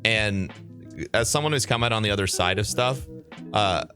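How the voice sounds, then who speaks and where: A man's voice: fairly low pitch, moderate pace, pushed and bright, faint music behind. A man hosting a casual podcast chat, talking bluntly with plenty of swearing. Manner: blunt and profane, brash. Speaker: podcast host.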